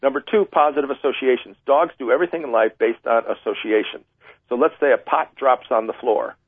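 A man's voice: mid-range voice, a little fast, dry recording. A man, a dog trainer and author, chatting as a radio guest and explaining training with everyday examples and little acted-out scenes. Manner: chatty, self-deprecating, acts out little scenes. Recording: tinny dry phone line.

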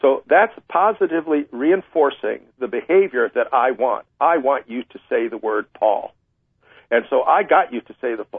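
A man's voice: medium pitch, husky, dry recording. A man, a dog trainer and author, chatting as a radio guest and explaining training with everyday examples and little acted-out scenes. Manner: chatty, self-deprecating, acts out little scenes. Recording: tinny dry phone line.

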